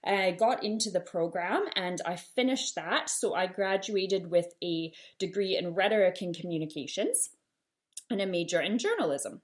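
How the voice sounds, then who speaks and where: A woman's voice: lowish voice, normal speed. A woman in her thirties with a Canadian accent and a slight Glasgow twang, telling her own story on a solo podcast in a chatty, self-deprecating way. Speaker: podcast host.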